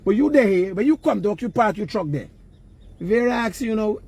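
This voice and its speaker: A man's voice: extremely high pitch, fairly quick, gravelly, breathy edge. A man with a Guyanese accent, talking casually and emphatically outdoors, lecturing passers-by about work and money. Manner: lecturing, emphatic, Creole-laced. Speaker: vlogger. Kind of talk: casual street vlog talk. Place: outdoors near work sites.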